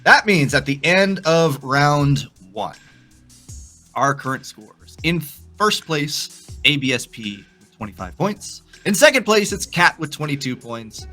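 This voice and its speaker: Upbeat male trivia host, lively and playful delivery. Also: a little high, unhurried, soft background music. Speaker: trivia game show host. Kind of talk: live-streamed trivia hosting.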